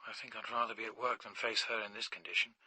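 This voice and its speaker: A man's voice: fairly low pitch, fairly even intonation, fast, bright, forceful tone, slightly rough, no room sound, pitched below the performer's own voice, full character voice, low-quality recording. A man doing a timid, prim Englishman. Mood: sheepish. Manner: hesitant, apologetic, fumbling. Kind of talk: audiobook character reading.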